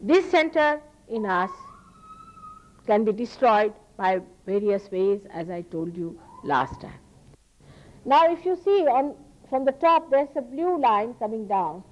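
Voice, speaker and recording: Slow and very animated, a female spiritual teacher with an Indian accent lectures in a fairly high, slightly mellow voice. She is earnest and emphatic, repeating phrases for stress, and the archival talk recording has a lo-fi sound.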